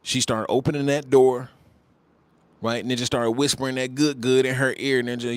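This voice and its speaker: Twenties male streamer, blunt and mocking, mid-pitched, slangy talk. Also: flat delivery, normal speed, smooth, dry recording. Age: 20s. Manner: blunt, mocking, slangy banter with repeated phrases. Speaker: livestream host. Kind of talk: casual livestream commentary.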